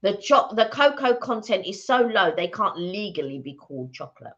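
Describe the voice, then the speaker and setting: A woman co-hosting a casual live stream from home, chatting and giving her opinions in relaxed asides. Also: medium pitch, normal speed, lo-fi sound. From England. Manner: conversational, gently opinionated asides. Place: at home, indoors.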